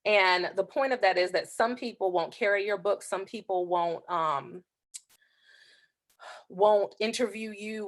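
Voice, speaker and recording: A woman in her thirties, an author hosting her own show, casually telling a personal story and acting out the other people's lines. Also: fairly low pitch. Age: 30s. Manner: lively, acts out the voices in her story.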